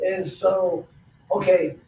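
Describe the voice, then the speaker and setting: Male interview host, chatty storyteller, slightly higher voice, echoey room with faint hiss. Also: flat delivery, takes it slowly, creaky, warm tone. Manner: storytelling, acts out quoted lines. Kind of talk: casual interview chat. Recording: roomy echo, distant mic, faint noise.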